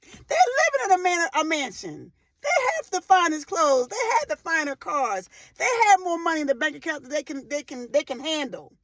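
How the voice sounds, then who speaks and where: With a sing-song lilt and a moderate pace, a woman in her forties offers a faith-based motivational talk in a high, ringing voice. She stresses repeated lines fervently and surges into loud, emotional outbursts; the sound is dry and close, free of room echo.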